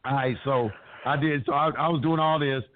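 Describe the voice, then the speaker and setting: A man's voice: medium pitch, fairly even intonation, a little fast, dry recording. A man telling his story as an interview guest, blunt and emphatic, cursing heavily as he talks. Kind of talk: profane, animated storytelling. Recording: tinny, dry phone-like sound.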